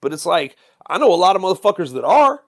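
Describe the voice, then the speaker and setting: A man, a musician talking casually in an interview, swearing freely and telling stories with animated swings. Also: high voice, quick pace, vocal fry. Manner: profane, animated storytelling with frequent "you know what I'm saying". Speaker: musician guest.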